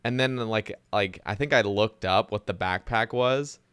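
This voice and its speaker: Smooth low-voiced male host. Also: a little slow, fairly bright tone, no echo, studio quality. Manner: easygoing storyteller, agreeable. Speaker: podcast host. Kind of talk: casual podcast chat.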